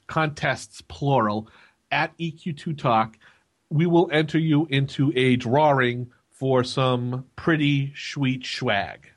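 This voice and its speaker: A man co-hosting a gaming podcast, teasing his co-host in casual banter with chuckles. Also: on the high side.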